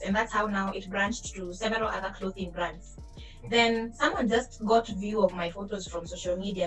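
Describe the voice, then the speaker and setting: A woman's voice: mid-range voice, poor audio. A young Kenyan woman on a panel, telling her career story openly and laughing easily. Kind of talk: online panel discussion. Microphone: video call.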